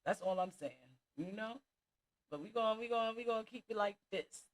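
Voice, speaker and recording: A woman's voice: a little high, fairly quick, poor audio. A woman vlogger giving casual commentary, emphatic and preachy, repeating her points for stress. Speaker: vlogger host.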